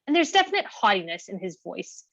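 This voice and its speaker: A woman reading a comic monologue aloud in an animated, playful storytelling manner. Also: mid-range voice, fairly quick, gravelly, no echo, muffled recording. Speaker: play reader.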